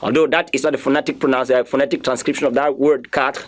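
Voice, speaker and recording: In a beginner French class, a male teacher with a mid-range voice and fairly steady intonation talks quickly, repeating words and spelling them out one letter at a time.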